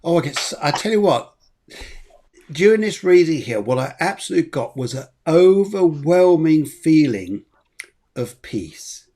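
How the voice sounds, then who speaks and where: A man hosting as a medium, soft and reassuring as he gives a psychic reading. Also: a little high, very animated, measured pace. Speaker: medium, host.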